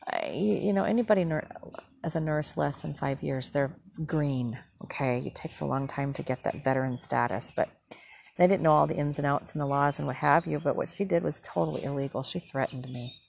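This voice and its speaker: A middle-aged woman from the northern US talks in a low, gravelly voice. She is a former nurse, and her monologue rambles, sounds indignant and stops to correct itself. Faint birdsong and a little noise sit behind her. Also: brisk, a little mellow. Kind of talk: casual monologue.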